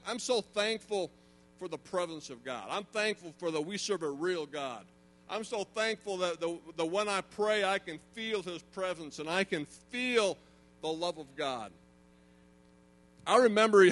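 A middle-aged man preaches a sermon in a high voice. He tells stories with animation and swells into emphatic preaching. A low electrical hum runs under the recording. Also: fairly bright tone. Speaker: pastor.

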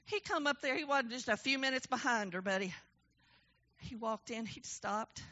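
A woman preaching a testimony sermon in a church, swinging between low storytelling and shouted, emphatic preaching. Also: normal speed, highs cut off.

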